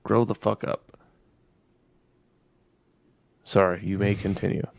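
A man's voice: fairly low pitch, little pitch movement, slow pace, creaky, no room sound. A man chatting casually as a podcast co-host, ranting sarcastically and swearing a lot. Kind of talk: casual chat.

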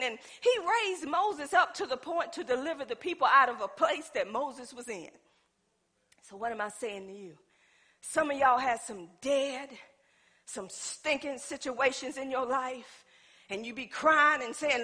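A woman delivers a sermon in a very high, bright and forceful voice. She talks in a folksy, emphatic way and keeps turning to the congregation for a response. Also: measured pace, husky. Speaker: preacher.

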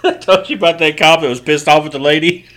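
A man's voice: fairly high pitch, quick pace, a bit bright. A man co-hosting a casual podcast, telling profane stories and laughing while he retells them. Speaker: podcast co-host. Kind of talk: casual chat.

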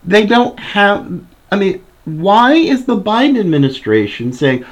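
A man with a high voice that swings widely in pitch hosts a political commentary show. He reads a news article aloud and keeps breaking off to protest with indignation. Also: lively intonation, moderate pace. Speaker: podcast host.

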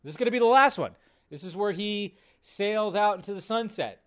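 Excitable, foul-mouthed male movie-news host. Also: high voice, brisk. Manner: animated, profane, excitable. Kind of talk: casual live-stream commentary.

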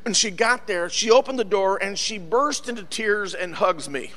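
Bright-voiced preaching man, shouting bursts. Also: high voice, normal speed. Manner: preaching with shouted, rising bursts and frequent "uh" fillers. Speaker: pastor. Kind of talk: sermon.

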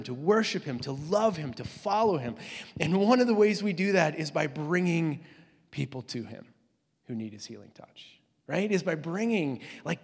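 A man preaching a sermon in a loose, conversational way with many fillers, sometimes dropping to a soft hush. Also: a little high. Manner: drops to a soft hush on emotional lines. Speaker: pastor. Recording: long hall reverb.

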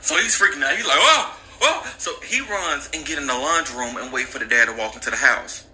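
A man casually retelling a true crime story with jokes and slang, animated and chatty. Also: medium pitch, fast, a little hiss or hum, poor audio.

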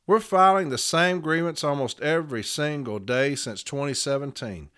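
A man's voice: on the high side, moderate pace, hardly any pauses, fairly bright tone, clear, resonant tone. A man hosting a show, ranting with profane, sarcastic fire about union matters. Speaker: podcast host. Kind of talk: ranting commentary.

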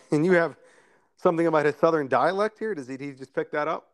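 A man's voice: a little high, fairly quick, no echo, clean studio sound. A man hosting a political podcast in casual chat, wry in tone and steering the segments along. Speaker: podcast host.

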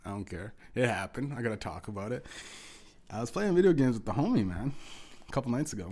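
A man's voice: mid-range voice, lively intonation, fast talker, mellow. A man hosting a podcast, telling a story in a rambling, profane way, full of restarts. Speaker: podcast host. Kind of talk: casual storytelling.

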